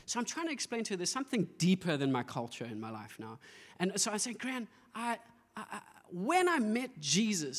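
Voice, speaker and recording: A man's voice: sits high, in a large hall. A man pastor preaching a sermon, telling stories with playful acted-out asides. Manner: storytelling with playful voiced asides and laughter.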